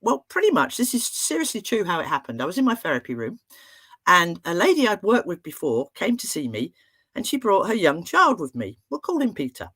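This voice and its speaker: A middle-aged woman speaks as a therapist addressing an online audience. She tells stories in a chatty, humorous and expressive way, and her pitch swings widely and animatedly. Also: fairly quick, breathy edge. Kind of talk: storytelling talk to an online audience.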